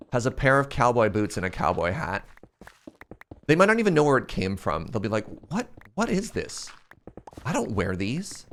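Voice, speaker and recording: A man's voice: fairly low pitch, fairly bright tone. A young man streaming a game, chatting casually and joking as he answers chat questions. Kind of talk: casual live-stream chat while playing.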